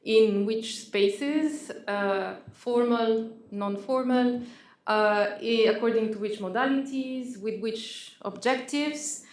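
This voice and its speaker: A woman's voice: a little high, a little mellow. Woman moderating an academic panel. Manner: halting, many fillers and restarts. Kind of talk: introducing panelists at an academic event. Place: venue hall at an academic event. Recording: echoey room.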